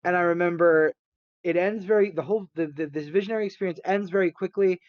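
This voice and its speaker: A man's voice: sits high, quick pace, dry recording, muffled recording. A man co-hosting a podcast, telling a rambling story in a casual chat, laughing often. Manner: animated, rambling, acts out quotes, laughs often. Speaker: podcast co-host.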